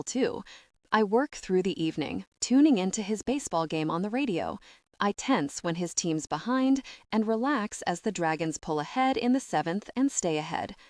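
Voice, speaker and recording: A woman narrating a first-person romance audiobook in a steady, even reading manner. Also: medium pitch, dry recording, studio quality.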